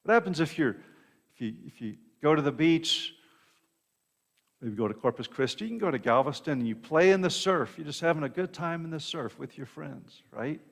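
A man's voice: on the high side, lively intonation, moderate pace, creaky. A man preaching a sermon in a conversational way, often checking in with the congregation and repeating words as he goes. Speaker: pastor. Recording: long reverb of a hall.

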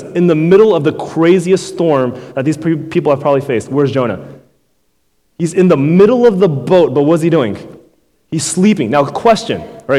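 A man's voice: on the high side, darkish tone. Man preaching casually in a reverberant hall. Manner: conversational preaching, keeps tagging "right?" and "man". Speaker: pastor. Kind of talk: sermon.

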